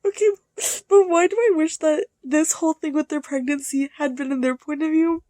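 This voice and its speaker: Young woman rambling about a book for her vlog, high voice, lots of likes and ums, dry close sound. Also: moderate pace, no room sound. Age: young adult. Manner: chatty, excitable, filler-heavy, swings between hushed and loud. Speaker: book vlogger. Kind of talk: casual reading vlog chat.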